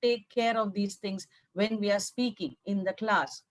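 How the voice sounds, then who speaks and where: A woman's voice: mid-range voice, fairly even intonation, measured pace, no room sound. A woman from South India with a Tamil accent, giving an emphatic teacher training talk and acting out classroom exchanges. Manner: emphatic, repeats words, acts out classroom dialogues.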